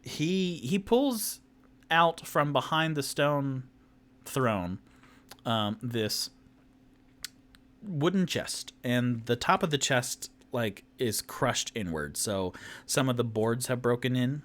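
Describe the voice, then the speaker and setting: Slow, rambling male game master. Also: mid-range voice, expressive, a bit bright. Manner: rambling, with fillers and self-corrections. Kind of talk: narrating a solo tabletop game.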